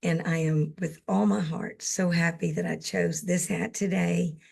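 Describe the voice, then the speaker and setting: A woman giving heartfelt, emotional closing remarks as a summit speaker, earnest and unhurried. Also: lowish voice, fairly even intonation, vocal fry, a little mellow, slightly rough.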